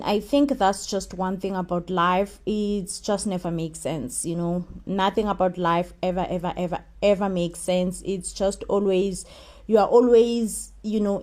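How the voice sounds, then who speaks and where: A young woman with a South African accent talks through a TV recap in a loose, chatty way. She circles back on her words, stacks up "you know" and "ever, ever", and leans hard on emphasis, her pitch sitting in a mid range. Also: darkish tone. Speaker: TV series recap host. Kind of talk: casual spoken recap.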